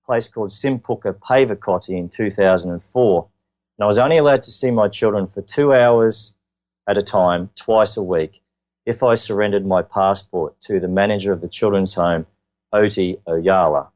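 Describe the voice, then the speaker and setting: A man with an Australian accent, telling his own story as an interview guest in an earnest, halting way with many filler words. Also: on the low side, darkish tone.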